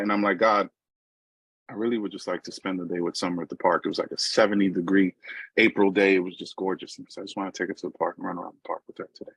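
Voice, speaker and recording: A middle-aged man with a New York accent speaks in a low, slightly husky voice. He tells his recovery story in a loose, conversational way and keeps checking in with "right?" asides. The recording is dry and close, with no room echo. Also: fairly bright tone. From New York, USA. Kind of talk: personal recovery talk.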